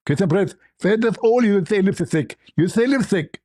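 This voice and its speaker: A man's voice: sits high, lively intonation, moderate pace, dark tone, husky, dry recording. A man voicing a pompous, condescending male preacher who lectures and corrects people. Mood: lecturing. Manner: preachy, condescending, starts with "first of all".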